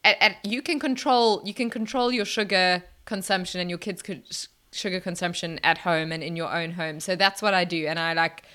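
A woman's voice: on the low side, brisk, hardly any pauses, sharp tone. A woman, chatting casually as a podcast guest, laughing often and restarting her sentences. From South Africa. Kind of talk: casual chat.

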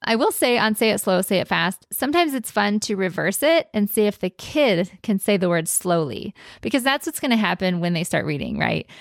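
A woman's voice: medium pitch, big pitch swings, brisk, creaky, few pauses, no room sound, studio quality. A woman hosting a podcast, explaining in a casual teaching tone and stretching out words for emphasis. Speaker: podcast host.

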